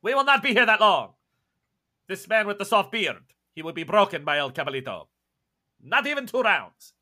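Man putting on a shrill, boastful courtier; loud and theatrical. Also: sing-song, moderate pace, heavily acted. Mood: gloating.

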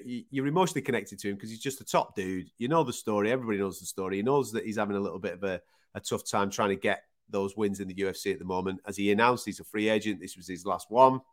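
A British man co-hosting a sports podcast, chatting casually and excitably, acting out quotes. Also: fairly low pitch. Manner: excitable, laughs, acts out quotes in raised voices. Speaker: podcast co-host.

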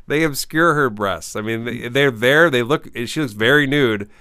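A man's voice: mid-range voice, sharp tone, smooth, dry recording, clean studio sound. A man co-hosting a podcast, chatting casually about a movie, rambling with frequent laughs. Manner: rambling, laughs often, restarts. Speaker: podcast co-host.

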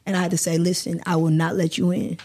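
Candid woman, warm low-key tone. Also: little pitch movement, quick pace. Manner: emotional, candid storytelling with swearing. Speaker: guest actor. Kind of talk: candid podcast interview.

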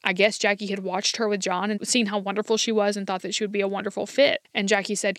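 A woman hosting a podcast, telling a history story in a chatty, quick way, often saying "like" and "kinda". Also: mid-range voice, level tone, a bit bright, dry recording, studio quality. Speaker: podcast host. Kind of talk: casual podcast narration.

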